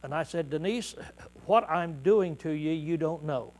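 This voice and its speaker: Throat-clearing male preacher, conversational sermon. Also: on the high side, unhurried, a little mellow. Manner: reads scripture aloud, then explains it plainly; conversational, uses hands-on demonstration with congregation.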